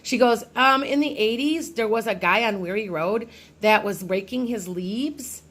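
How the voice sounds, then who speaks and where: A woman's voice: on the high side, a little slow, fairly bright tone. A middle-aged woman, a psychic medium, telling a personal ghost story to her followers in a casual, rambling way with many restarts.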